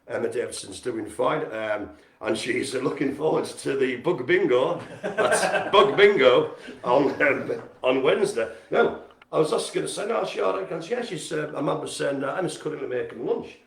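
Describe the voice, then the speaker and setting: A man hosting a community centre's live stream, giving casual, jokey shout-outs and poking fun at himself. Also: fairly high pitch, animated, normal speed, creaky, slight background noise. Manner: chatty, jokey and self-mocking. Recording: roomy echo.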